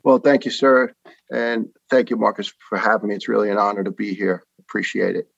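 A man in his fifties with a New York accent, a podcast guest telling stories earnestly with many pauses and uhs. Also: fairly low pitch, level tone, gravelly, no echo, muffled recording. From New York City. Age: 50s. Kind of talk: casual interview talk.

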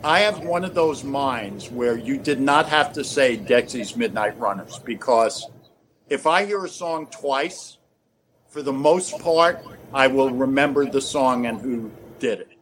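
A man of ordinary pitch chatting as a podcast guest. He tells lively stories and laughs often. Faint noise hums underneath. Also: measured pace. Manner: animated storyteller, laughs often. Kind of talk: casual chat.

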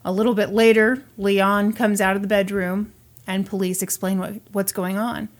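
A woman hosting a podcast, casually telling a true-crime story in an animated way, acting out quotes and laughing often. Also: mid-range voice, normal speed. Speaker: podcast host.

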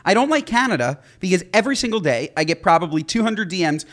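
A man's voice: high-pitched, big pitch swings, quick pace. A man hosting a podcast, opinionated and swearing casually. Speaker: podcast host. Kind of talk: casual chat.

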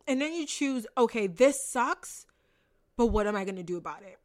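A woman's voice: medium pitch, expressive, fast. A young woman hosting a podcast, giving an emphatic motivational talk with lots of repetition, casual swearing and laughs. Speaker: podcast host and manifestation coach.

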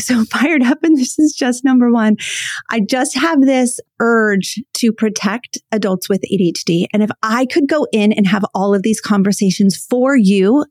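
A woman's voice: a little high, darkish tone, no echo, clean studio sound. A woman hosting a solo podcast as a coach, talking to listeners in an earnest, emphatic way and repeating her key phrases. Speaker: podcast host and ADHD coach.

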